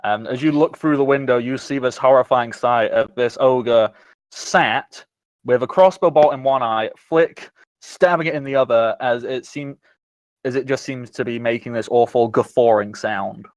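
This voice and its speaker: A man's voice: medium pitch, no room sound. Dry, close game master man. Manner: descriptive, chuckling, measured. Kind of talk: narrating a tabletop game.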